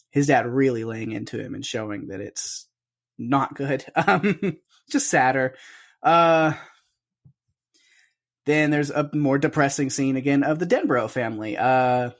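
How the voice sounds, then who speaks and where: Animated male podcast co-host. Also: medium pitch. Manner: animated retelling with quick quoted lines. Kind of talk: casual chat.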